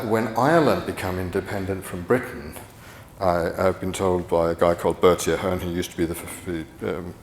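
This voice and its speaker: A middle-aged man with a low voice gives a rambling conference talk full of restarts and fillers. It's picked up from afar in an echoey conference hall, with a little hiss or hum.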